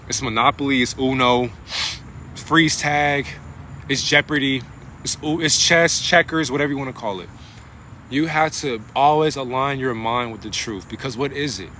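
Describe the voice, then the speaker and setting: Guy rambling about spirit stuff into his phone, bright voice, bit high, kinda preachy n swears a lot. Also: a little hiss or hum. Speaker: spiritual vlogger. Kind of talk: casual spiritual monologue.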